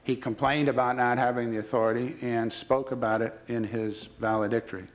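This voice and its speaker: A man's voice: mid-range voice, fairly even intonation, a little fast, low-quality recording. A man who serves as baseball commissioner, giving a public speech full of anecdotes and delivering them with dry wit. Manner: storytelling with dry wit, retelling quoted dialogue.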